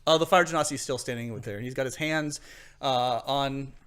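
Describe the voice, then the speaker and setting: A man's voice: medium pitch, a little fast, a bit bright, smooth. A man running a tabletop game as game master, narrating casually and laughing often.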